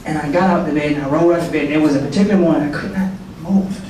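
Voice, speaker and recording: A man's voice: a little high, very fast, a little mellow. A man who is a soldier gives a colloquial, conversational testimony sermon at a prayer breakfast. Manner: colloquial and conversational, with repeated words and asides. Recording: very echoey hall, voice from far off, faint noise.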